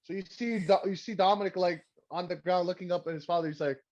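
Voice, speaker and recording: A man's voice: high voice, fairly even intonation, fast talker, a little mellow. A man co-hosting a casual podcast, rambling and sarcastic, cursing freely. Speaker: podcast co-host. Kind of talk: casual wrestling recap chat. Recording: dull lo-fi sound.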